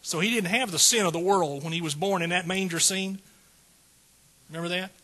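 Folksy preacher guy, high husky voice, keeps asking the crowd if they're with him. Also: brisk, sharp tone. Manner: folksy, calls out to the congregation. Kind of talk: sermon.

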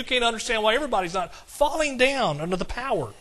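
High, bright-voiced older male preacher. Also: expressive, quick pace. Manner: emotional, fervent preaching with audience call-outs. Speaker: pastor. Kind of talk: sermon.

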